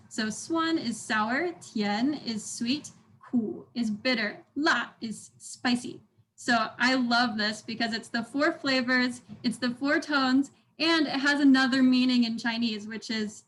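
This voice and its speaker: A young woman with a slightly high voice leads an online language class over a video call. She sounds upbeat and encouraging, calling on the group and modeling each sound for them to repeat. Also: fairly bright tone, slight background noise, poor audio. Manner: upbeat, encouraging, demonstrates tones aloud. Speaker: language workshop instructor.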